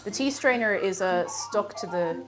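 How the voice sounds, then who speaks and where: A woman's voice: medium pitch, unhurried, over music. An Irish woman chatting with her stream audience while cooking in her home kitchen, bubbly and talkative. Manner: chatty, bubbly, reads out viewer names. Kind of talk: casual livestream chat while cooking.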